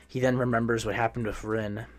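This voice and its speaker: A man's voice: mid-range voice, little pitch movement, a little fast. A man casually narrating a fan-made story, retelling it loosely with frequent restarts and self-corrections.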